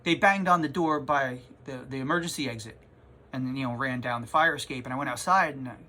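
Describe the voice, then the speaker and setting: A man who runs a comic shop, telling a rambling, animated story in a casual vlog from his store. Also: mid-range voice, fast. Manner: rambling, animated, self-interrupting.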